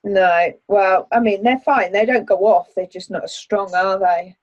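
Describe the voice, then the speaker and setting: A middle-aged woman co-hosting a casual online chat, telling animated stories and laughing often. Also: mid-range voice, unhurried, no echo, lo-fi sound. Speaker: co-host. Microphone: video call.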